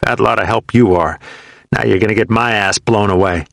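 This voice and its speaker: A man's voice: fairly low pitch, moderate pace, vocal fry, fairly bright tone, no echo, studio quality. A man reading aloud voices a hardened young male Marine who is curt and contemptuous toward a wounded comrade. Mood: scornful.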